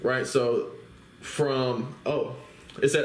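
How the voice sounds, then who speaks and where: A man with a mid-range voice teaches the Bible at an unhurried, steady pace, reading scripture aloud before unpacking it in casual talk. He often checks in with listeners using tag questions, and the recording has a roomy echo.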